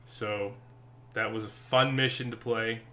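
A man's voice: fairly low pitch, steady tone, unhurried, pushed and bright. A man co-hosting a casual gaming chat, laughing often and hesitating with ums. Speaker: podcast co-host.

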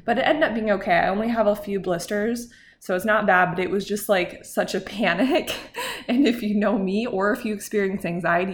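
A woman's voice: medium pitch, a little hiss or hum. A young adult woman hosting a podcast, telling a story in a rambling, chatty way full of filler words. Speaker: podcast host. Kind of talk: casual chat.

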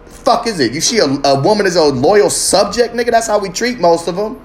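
Male podcast host, higher-than-average voice, heated preachy rant full of profanity and challenges to the audience. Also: lively intonation, fairly quick, few pauses, a little hiss or hum. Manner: asks the listener pointed questions. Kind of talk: impassioned podcast monologue.

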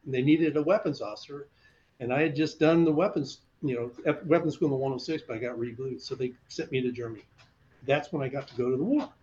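A man's voice: medium pitch, fast, muffled recording. An older man, a retired fighter pilot, telling stories in an interview and acting out the voices of people he quotes. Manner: animated, acts out quoted voices in his stories. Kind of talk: storytelling in a conversational interview.

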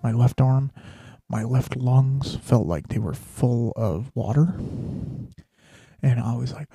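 Gravelly, dark-voiced man rambling. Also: medium pitch, steady tone, unhurried, no room sound, clean studio sound. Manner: rambling, many fillers and restarts. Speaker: podcast host. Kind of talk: casual storytelling monologue.

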